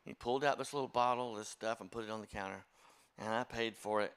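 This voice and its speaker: A man's voice: lowish voice, quick pace, fairly bright tone, smooth. An older man, a church music director telling folksy, self-deprecating stories to his congregation. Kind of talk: storytelling talk to a congregation.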